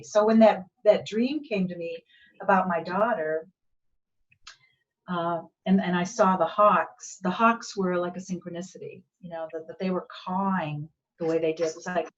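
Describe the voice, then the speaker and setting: Woman, gentle storytelling, unhurried, heard from back from the mic, muffled sound. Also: on the low side, distant mic. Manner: gentle, unhurried, acts out quoted dialogue. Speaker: guest speaker. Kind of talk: reflective storytelling.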